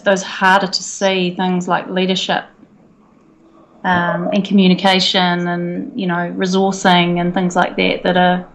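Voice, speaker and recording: A woman with a New Zealand accent answers interview questions over a video call. She speaks in a relaxed, thoughtful manner, pausing now and then as she gathers her ideas. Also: fairly low pitch, slight background noise. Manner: thoughtful, relaxed, some fillers. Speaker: guest, senior safety executive. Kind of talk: casual interview.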